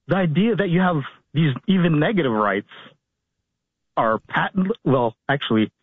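A man calls in and lectures the hosts, stumbling through restarts. His voice sits a little high and comes through a thin, tinny phone line. The sound is dry. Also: animated, normal speed, dry recording. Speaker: caller. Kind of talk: call-in radio argument.

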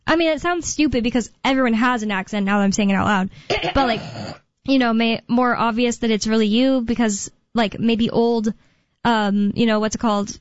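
A young woman co-hosting a call-in radio show talks casually in a fairly high voice at normal speed, rambling with fillers, restarts and self-corrections. The studio sound is dry and close with no echo, a bit dull on top.

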